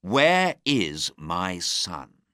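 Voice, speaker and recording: A man's voice: low-pitched, big pitch swings, very slow, clear, resonant tone, no echo, studio quality, exaggerated voice. A man voicing a tired, older nobleman who is proud but shaken, speaking in a weary, strained way. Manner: weary, strained, sometimes sharp.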